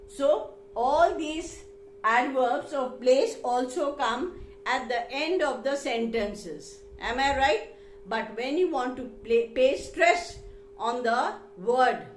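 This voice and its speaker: Female teacher, high voice, unhurried, explains patiently, echoey room. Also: slight background noise. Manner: slow, deliberate, repeats key words, switches into Hindi to explain. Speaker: English teacher. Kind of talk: grammar lesson.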